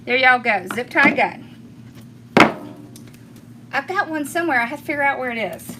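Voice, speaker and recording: Heavy background noise surrounds this middle-aged Southern woman from rural Georgia as she hosts a craft tutorial, demonstrating while chatting, laughing a lot and thanking viewers by name. She has a high, expressive voice at normal speed.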